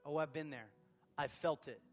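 A man preaching a sermon as pastor of a church, moving from quiet talk to shouted passages. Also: a little high, moderate pace, in a large hall.

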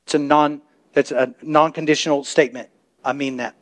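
A man preaching a sermon as pastor, talking to the congregation in a chatty way and building to impassioned shouts. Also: a little high, steady tone, brisk. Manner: impassioned, rising to shouts, conversational asides to the congregation. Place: church sanctuary.

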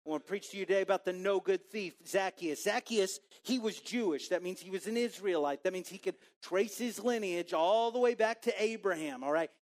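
Joking, animated male pastor. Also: high-pitched, fairly quick, few pauses. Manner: animated, joking, acts out muttering crowd voices. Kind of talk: sermon. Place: church.

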